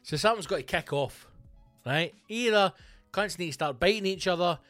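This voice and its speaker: A young man rants as a podcast host, sweary and sardonic, mocking people by putting on their voices. His voice sits a little high for a man. The sound is dry and close, with faint music underneath. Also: lively intonation, moderate pace, a bit bright, dry recording. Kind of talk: profane rant.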